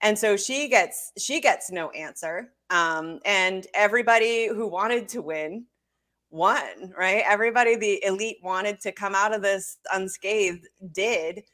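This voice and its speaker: A woman's voice: mid-range voice, unhurried, fairly bright tone. A woman with a mid-range voice co-hosts a political talk show. She speaks firmly, with an indignant edge, laying out her points. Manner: firm, indignant. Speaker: co-host.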